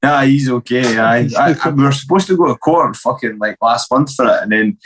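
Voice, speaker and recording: A man's voice: mid-range voice, brisk, fairly bright tone. A young man with a Scottish accent, a fighter talking as a podcast guest, swearing freely and laughing through his stories. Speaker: guest, professional MMA fighter. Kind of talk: casual podcast chat.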